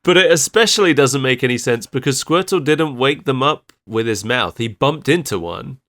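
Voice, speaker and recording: A man's voice: mid-range voice, expressive, normal speed, a bit bright. Giggly man chatting on a podcast. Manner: giggly, laughs through sentences. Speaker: podcast co-host. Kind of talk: casual chat.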